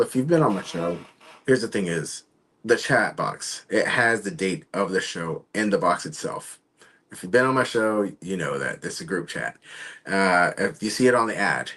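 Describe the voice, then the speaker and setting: A man hosting his own live online show, talking casually and haltingly while he waits for his guests. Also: lowish voice, a bit bright. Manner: rambling, halting, trails off. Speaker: show host. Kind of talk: casual livestream talk.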